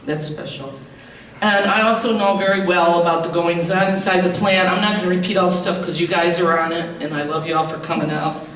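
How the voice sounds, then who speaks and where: Fervent high-voiced man in a hall. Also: fairly even intonation, a little fast, fairly bright tone. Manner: fervent, rambling, builds to outcry. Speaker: public commenter at a hearing. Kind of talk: impassioned public comment. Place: large public meeting hall. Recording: echoey hall, distant mic, faint noise.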